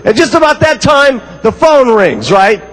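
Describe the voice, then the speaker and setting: A man with an unusually high voice delivers a lively sales speech. He tells an anecdote with theatrical flair and a storyteller's timing. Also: unhurried, long reverb tail, poor audio. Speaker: motivational speaker. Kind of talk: animated sales speech with acted scenes.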